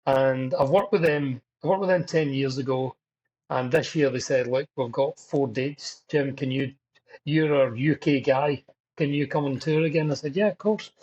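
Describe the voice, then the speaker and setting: A middle-aged Scottish drummer, chatting as a guest in a casual interview, rambling through stories with self-deprecating humor. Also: male voice, medium pitch, fairly even intonation, normal speed, a little mellow, breathy edge, lo-fi sound. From Scotland.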